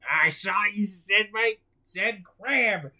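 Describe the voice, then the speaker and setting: A storyteller voicing a middle-aged male crab with a gravelly voice. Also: slow, sharp tone, heavily acted. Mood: eager. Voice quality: deep, gravelly.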